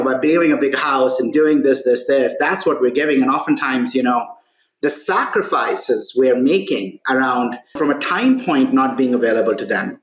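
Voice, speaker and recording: A male podcast guest and author telling a story in conversation, peppering his talk with "right?" and "you know". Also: mid-range voice. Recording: roomy echo.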